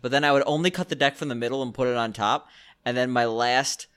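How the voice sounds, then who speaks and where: A man's voice: mid-range voice, fairly bright tone. Joking man, casual podcast banter. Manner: joking, quick to laugh. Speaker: podcast co-host. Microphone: remote call.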